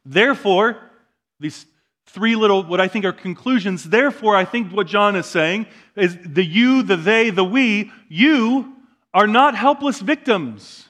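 High-voiced man preaching a sermon. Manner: swings between soft, slow asides and loud emphatic preaching. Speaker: pastor. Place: church sanctuary.

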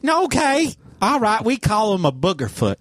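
A man voicing a folksy male outsider in an improvised comedy sketch, with a slow, drawn-out delivery. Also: high-pitched, wildly swooping pitch, no echo, exaggerated voice. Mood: odd folksy. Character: male outsider "Out of Town Guy", odd folksy manner.

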